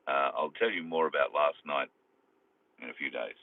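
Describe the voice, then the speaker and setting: A man's voice: a bass voice, normal speed. An Australian man chatting live to his viewers from his car while driving, rambling along with plenty of fillers. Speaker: live streamer. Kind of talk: casual live chat to viewers. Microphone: phone. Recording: tinny phone-like sound over phone.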